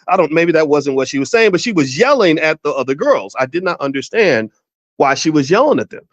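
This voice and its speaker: Speaking fast in a fairly high voice, a middle-aged man hosts a finance show and addresses his audience straight to camera. He's casual and emphatic, keeps restarting himself, and acts out stories in exaggerated voices. The sound is dull, dry lo-fi with no echo.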